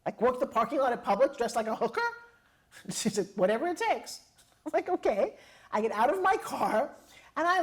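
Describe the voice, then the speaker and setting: A middle-aged woman telling personal stories as a motivational speaker, lively and acting out quoted dialogue with laughs. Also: fairly high pitch, slightly rough. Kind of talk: personal storytelling to an audience.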